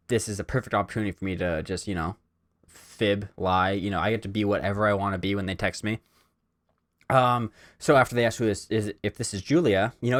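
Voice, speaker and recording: A young man from Canada hosting a casual solo podcast, telling stories in a rambling way with lots of "like" and "um". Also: lowish voice. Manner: rambling storyteller, heavy on "like" and "um". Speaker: podcast host.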